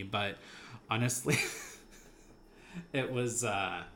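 A man's voice: lowish voice, expressive, slow, long pauses, a bit bright, a little hiss or hum. A man chatting casually about a movie he saw, enthusiastic and rambling, laughing now and then. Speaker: movie podcast co-host. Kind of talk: casual movie review chat.

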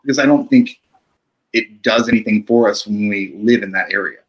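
A middle-aged man, a therapist, talking calmly and reflectively in a podcast conversation, often checking in with "right?". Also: fairly low pitch, moderate pace, low-quality recording. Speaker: therapist guest.

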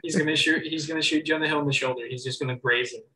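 A bright-voiced young man, chatting casually. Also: on the high side, fairly even intonation, low-quality recording. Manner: chatty, lots of restarts and quick asides. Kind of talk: casual movie chat.

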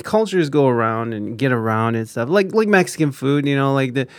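A man's voice: medium pitch, expressive, fairly quick, no echo, clean studio sound. A man chatting casually as host, rambling with lots of fillers and gushing enthusiasm. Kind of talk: casual chat.

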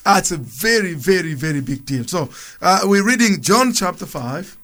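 A man's voice: sits high, animated, normal speed, fairly bright tone. A man on a radio program reading Bible passages aloud and explaining them in a loose, conversational way. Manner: reads scripture aloud, then comments with restarts and chuckles. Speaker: church speaker on a radio program.

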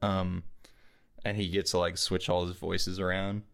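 A man's voice: deep voice, little pitch movement, unhurried, creaky, a bit bright, slight background noise. A young man in his twenties co-hosting a podcast in casual chat, rambling with lots of fillers and frequent laughter. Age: 20s. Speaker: podcast co-host.

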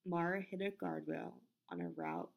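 A woman's voice: lowish voice, sing-song, moderate pace, vocal fry. A woman hosting a casual podcast, stumbling over her words, correcting herself and apologizing into a desk microphone. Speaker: podcast host. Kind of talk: casual podcast narration with outtakes.

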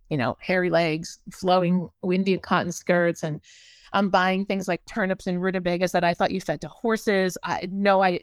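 Older american woman telling her story, kinda low voice, lots of restarts, dry close sound. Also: dry recording. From United States. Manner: halting, with many restarts and acted-out quotes. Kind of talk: personal storytelling.

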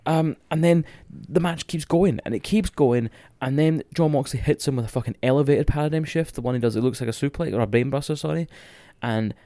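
A young Scottish man recapping a wrestling match in casual, excitable, sweary podcast chat. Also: medium pitch, quick pace, hardly any pauses, dry recording.

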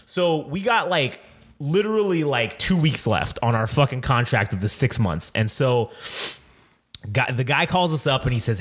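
Animated, profane man telling a wild story. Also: mid-range voice, normal speed. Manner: animated, profane, rambling retelling of a dream. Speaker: podcast co-host. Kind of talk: casual storytelling among friends.

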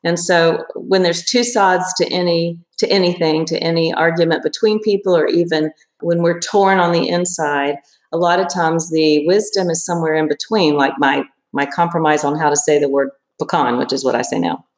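A woman in her fifties, a therapist, talking thoughtfully in an interview with many pauses and restarts. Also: fairly low pitch, fairly even intonation, roomy sound. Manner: reflective, hesitant with many restarts and fillers. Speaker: therapist guest. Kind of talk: casual interview.

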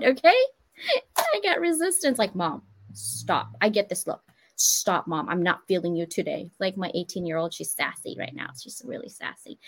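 A woman in her forties hosting a live online talk show, chatting in an animated, playful way and laughing often. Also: medium pitch. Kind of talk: casual live-stream chat.

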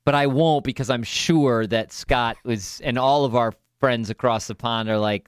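A man's voice: mid-range voice, normal speed, hardly any pauses, clean tone, no room sound, clean studio sound. A man, co-hosting a money podcast, introducing questions with upbeat, jokey patter. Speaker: podcast co-host. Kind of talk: casual podcast banter.

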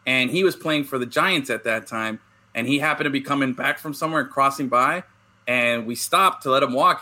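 A man hosting a casual podcast chat, opening baseball cards and telling animated stories, often saying "bro". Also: medium pitch, fast talker. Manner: animated storyteller, says "bro". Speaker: podcast host.

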